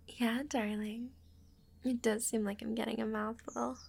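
A young woman in a whispered role-play, speaking in an intimate, teasing, affectionate breathy whisper. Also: fairly high pitch, level tone, measured pace. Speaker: audio role-play performer.

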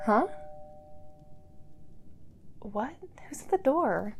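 A woman's voice: high voice, measured pace, very noisy. A young woman in an audio role-play, talking straight to the listener as an effusive, gushing partner who often breaks into laughter.

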